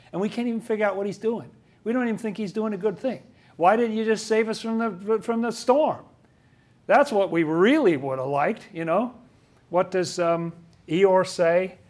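A man with a somewhat high-set voice teaching scripture in a loose, conversational way. He talks to listeners as if chatting, and slips into little acted voices to quote people. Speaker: religious teacher.

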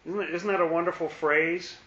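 A man teaching a conversational Bible study, musing aloud and repeating key phrases slowly for emphasis. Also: on the high side, steady tone, bright, forceful tone, roomy sound, lo-fi sound.

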